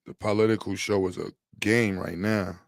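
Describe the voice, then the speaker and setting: This man hosts a casual livestream, his low, creaky voice keeping a fairly even intonation at normal speed. He rambles, jokes and uses slang while chatting with viewers, recorded cleanly in a studio with no echo.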